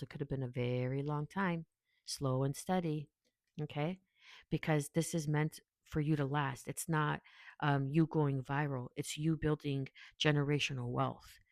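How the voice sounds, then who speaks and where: A woman's voice: low-pitched, a little mellow, no room sound. A woman casually giving a tarot reading, rambling and chatty as she talks straight to the viewer. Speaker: tarot reader.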